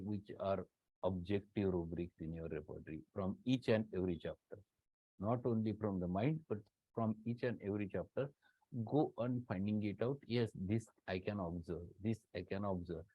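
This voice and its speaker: A man's voice: lowish voice, warm tone, no echo. A man with an Indian English accent giving an online lecture as a professor, emphatic and repeating words for stress. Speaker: homoeopathy professor. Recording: dull lo-fi dry sound.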